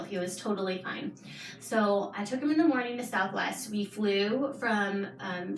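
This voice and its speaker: A young adult woman talks casually as a podcast guest, animated and quick to laugh. She sits a bit back from the mic. The room echoes around her voice. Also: mid-range voice. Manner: animated storyteller, laughs often. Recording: roomy, distant mic.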